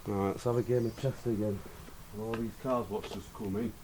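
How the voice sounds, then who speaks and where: A man's voice: fairly low pitch, steady tone, moderate pace, noisy background. A man who works as a car trader, talking bluntly to himself and swearing as he walks around the lot. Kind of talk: casual walk-around vlog talk.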